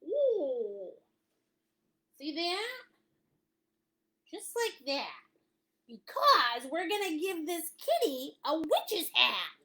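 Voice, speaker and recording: A woman's voice: high voice, big pitch swings, extremely slow, pauses often, bright, forceful tone. A woman teaching a live painting class in a playful, silly way, laughing often as she guides the steps. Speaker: art instructor.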